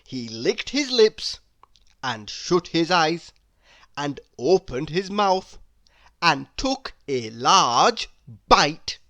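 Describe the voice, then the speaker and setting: Woman narrating a kids' story, slow, very animated pitch swings. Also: no room sound. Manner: expressive, animated reading with slow pacing. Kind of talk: children's story read-aloud.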